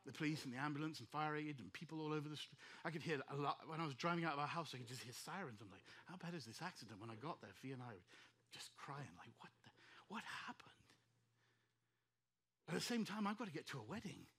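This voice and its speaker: Middle-aged man, pastor, storytelling sermon; high, ringing voice, animated, plays out dialogue. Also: slightly rough. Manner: animated, acts out rapid-fire dialogue.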